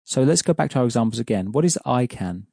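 Mellow-voiced male language teacher. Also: mid-range voice, animated, quick pace, dry recording, studio quality. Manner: patient, clear explaining. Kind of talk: explaining an audio course lesson.

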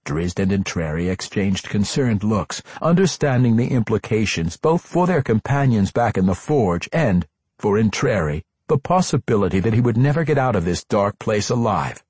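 A man narrating a fantasy audiobook in an expressive, dramatic reading with character voices. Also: on the low side, moderate pace, slightly rough, no room sound.

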